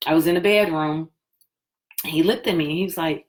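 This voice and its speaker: A woman hosting a live stream, telling her personal story in a chatty, animated way and acting out what people said. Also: low-pitched, brisk. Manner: chatty, animated, acts out quoted talk.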